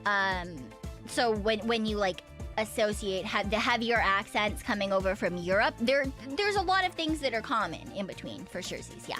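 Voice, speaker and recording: A woman's voice: mid-range voice, lively intonation, normal speed, a bit bright, faint music behind. Chatty, laughing woman streamer. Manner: chatty, laughing, swears casually. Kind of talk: casual livestream chat.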